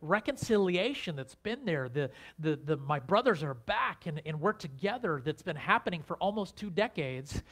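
Man preaching a relaxed sermon. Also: fairly high pitch, moderate pace, hardly any pauses. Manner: conversational preaching with rhetorical questions and restarts. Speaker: pastor.

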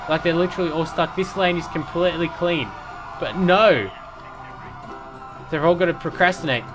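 A man's voice: a little high, steady tone, fast, over music. A man giving casual, rambling commentary while playing a city-building game, with lots of fillers and restarts. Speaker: let's play commentator.

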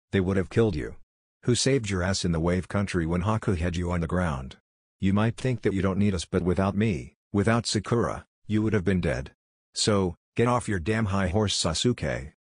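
A brash teenage boy ninja, blunt and scornful, in a storybook reading by a man in his own deep, husky voice. Dry and close-miked. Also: no room sound.

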